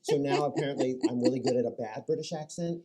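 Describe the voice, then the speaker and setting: A man's voice: medium pitch, fast talker, over a noisy crowd. A man in his fifties, an actor, telling self-deprecating jokes in a casual interview. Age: 50s.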